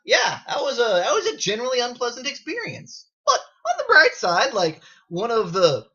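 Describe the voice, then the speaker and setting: Animated sarcastic man telling a story. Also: very high voice, normal speed, muffled recording. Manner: animated and sarcastic, swears freely. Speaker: gaming video creator. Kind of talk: unscripted casual storytelling. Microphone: built-in camera mic.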